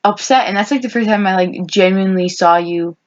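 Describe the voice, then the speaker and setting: A twentysomething woman co-hosts a podcast, chatting casually with her best friend in a brisk, mid-range voice. She rambles, restarts often and drops quoted asides, all in dull lo-fi podcast audio.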